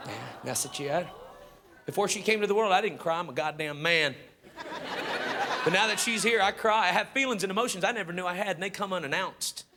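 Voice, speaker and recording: A middle-aged man doing stand-up comedy, animated and dropping Spanish phrases into English, swinging from shouts to a hush. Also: high-pitched. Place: comedy stage before live audience. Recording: live club, crowd laughter and noise.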